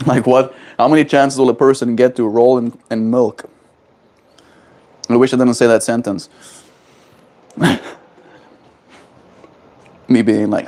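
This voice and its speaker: Man, livestreamer, playful and silly, casual chat, medium pitch. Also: little pitch movement, takes it slowly, long pauses, mellow. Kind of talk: casual live-stream chat.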